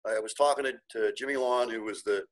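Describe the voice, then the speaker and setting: A man's voice: mid-range voice, fast, low-quality recording. A middle-aged man telling his story as an interview guest, earnest and emotional, with many restarts. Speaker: guest, car dealership owner.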